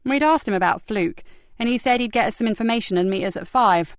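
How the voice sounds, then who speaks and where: A woman reading a brisk, uneasy constable. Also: fairly high pitch, expressive, no room sound, lightly acted. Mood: worried. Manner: brisk, plain-spoken. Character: blunt female police constable, worried.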